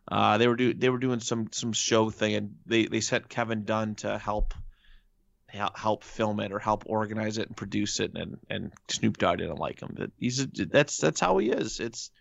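Gravelly low-voiced man, dull lo-fi sound. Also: normal speed, no room sound. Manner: emphatic, rhetorical questions. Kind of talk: casual chat. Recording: dull lo-fi recording.

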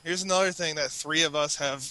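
A man's voice: fairly high pitch, fairly quick, pushed and bright, rough recording. A man co-hosting a podcast, chatting casually in a rambling, self-correcting way. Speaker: podcast co-host. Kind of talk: casual chat.

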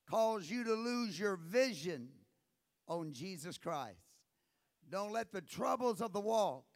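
Exuberant man leading worship, high-pitched and slow, calls out praise. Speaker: worship leader. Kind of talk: leading a church service. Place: church.

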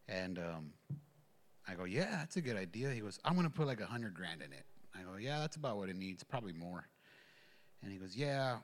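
A man's voice: lowish voice, big pitch swings, brisk. A man telling a personal testimony at a church gathering, rambling, with many fillers and restarts. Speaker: church member giving a testimony. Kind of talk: casual spoken testimony.

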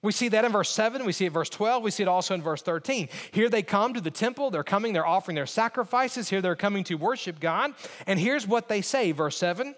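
In a large hall, a male pastor preaches a sermon in a high-sitting, animated, fast voice with some brightness. He's earnest and emphatic, repeating key phrases for weight and mimicking others in asides.

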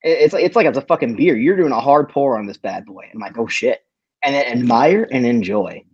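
A man co-hosting a casual online show. He tells stories in an animated way and swears a lot. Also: medium pitch, a little fast, husky, dry recording, muffled recording. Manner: profane, animated storytelling. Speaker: podcast co-host. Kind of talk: casual chat.

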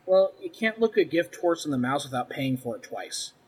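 A man co-hosting a podcast, making jokes and quickly apologizing in casual chat. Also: on the high side, sing-song, husky.

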